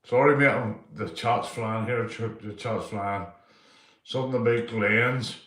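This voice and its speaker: A man's voice: fairly low pitch, fairly even intonation, a little slow, a bit bright, echoey room, recorded from a distance. Rambling Northern Irish man, fifties. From Northern Ireland. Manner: rambling, repeats himself, swears, ends lines with mate. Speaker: livestream host. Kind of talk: casual live chat reading comments.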